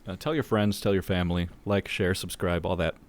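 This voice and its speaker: Young man, podcast co-host, low-ish voice, casual joke reading, swears, laughs easily. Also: fairly even intonation, fairly quick. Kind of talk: casual chat, reading jokes aloud.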